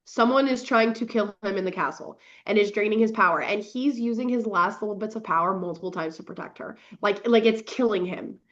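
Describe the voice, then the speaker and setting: A young woman hosting a podcast and recapping books in casual chat, gushing and swearing with quick bursts of laughter. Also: medium pitch, a bit bright. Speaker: podcast host. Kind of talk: casual book review chat. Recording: dull lo-fi recording.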